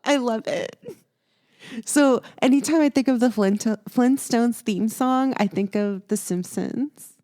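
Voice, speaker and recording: A woman co-hosting a podcast in a playful, casual chat, quick to laugh. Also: fairly high pitch, warm tone. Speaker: podcast co-host.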